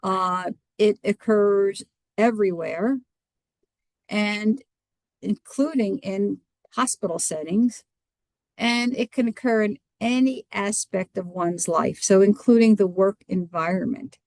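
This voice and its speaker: An earnest woman physician presents a lecture over a video call. She speaks in a measured way at a middling pitch and sometimes restarts a word. The sound is dry and close. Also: a little mellow, dry recording.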